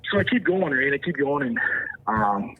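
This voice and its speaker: A man, a podcast guest, casually telling a hunting story in an animated way, re-enacting what people said. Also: mid-range voice, normal speed, very noisy. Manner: animated, re-enacts dialogue and moose calls. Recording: tinny phone-like line.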